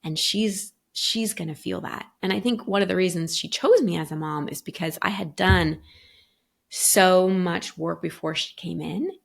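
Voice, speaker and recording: Woman, middle-aged, low voice, gravelly, earnest, many fillers. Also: normal speed. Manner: earnest, thinks aloud with frequent fillers. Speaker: guest coach. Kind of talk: reflective podcast conversation.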